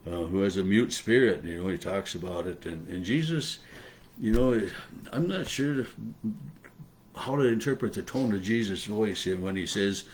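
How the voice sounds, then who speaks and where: A man, a pastor, giving a loose daily devotional on a Bible passage, halting and thoughtful, full of fillers and restarts as he muses aloud. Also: on the low side, expressive, darkish tone, a little hiss or hum.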